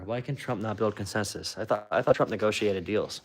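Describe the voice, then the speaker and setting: Low-voiced dude talking politics, blunt and sarcastic, says "like" a lot, very casual. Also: male voice, brisk, a little hiss or hum. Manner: sarcastic and blunt, with frequent "like" fillers. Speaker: political commentator. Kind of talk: casual chat.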